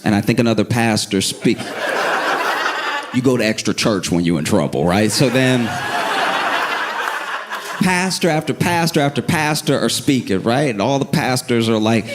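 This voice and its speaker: A man doing stand-up, telling a story calmly and dryly and building to punchlines. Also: mid-range voice. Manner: calm, dry, building to punchlines. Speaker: stand-up comedian. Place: comedy stage. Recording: live stand-up recording with noise.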